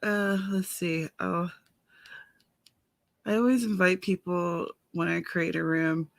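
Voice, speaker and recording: Slow and steady in tone, this woman has a lowish voice with vocal fry and no room sound. She's an author running a casual writing livestream on a headset mic, greeting viewers by name, chatting with them, and complaining about a watering eye.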